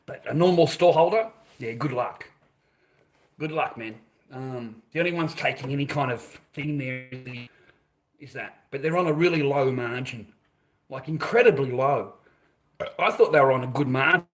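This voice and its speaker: A man's voice: medium pitch, moderate pace, slight background noise. A middle-aged Australian man rambling and swearing casually while telling stories to his viewers. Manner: swears a lot, tells stories with repeated phrases. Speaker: vlogger.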